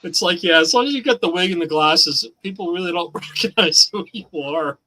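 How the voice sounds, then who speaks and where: Enthusiastic bright-voiced middle-aged man. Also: high voice, fairly quick, poor audio. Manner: enthusiastic, rambling, laughs often. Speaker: guest comic creator. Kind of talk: casual interview chat.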